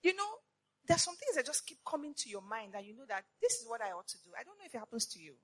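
A woman delivers an impassioned sermon, pressing her listeners with repeated rhetorical questions. Her voice sits high and carries a breathy, husky edge. Her pitch leaps and falls dramatically as she builds to shouted lines. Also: very animated, rapid-fire. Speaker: preacher addressing women.

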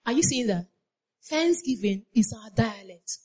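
A woman's voice: medium pitch, expressive, moderate pace, darkish tone. A woman preaching a sermon, repeating her phrases and putting questions to the congregation. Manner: call-and-response, asks the congregation questions.

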